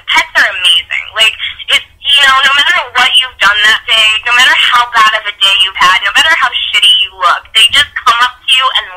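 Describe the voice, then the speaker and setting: A woman with a very bright, sharp voice talks in a chatty, giggly way. She pokes fun at herself as an interview guest. Her voice comes through a thin phone line. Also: a little high, lively intonation, a little fast. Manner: chatty, giggly, self-deprecating. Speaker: guest, actress and singer. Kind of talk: casual interview chat.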